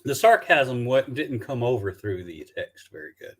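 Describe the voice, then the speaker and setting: A man from Alabama with a Southern accent, chatting loosely on a video call about his documentary work, halting with many restarts and fillers. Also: mid-range voice, big pitch swings, a bit bright, breathy edge. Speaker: documentary filmmaker guest. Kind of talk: casual live-stream chat.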